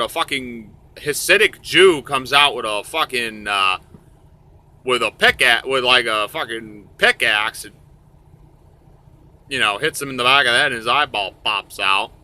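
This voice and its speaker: A man's voice: mid-range voice, a little slow, bright, forceful tone. A man telling a crude comic story, rambling and profane.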